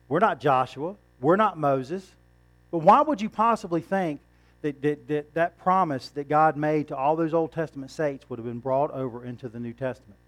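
A man preaching a sermon in a conversational way, asking rhetorical questions and chuckling now and then. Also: a little high.

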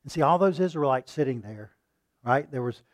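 A man's voice: animated, brisk, no echo. Emphatic preacher, man, dry sound. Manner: swings between loud emphatic peaks and quiet low asides; asks the congregation questions, repeats words for emphasis. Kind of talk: sermon.

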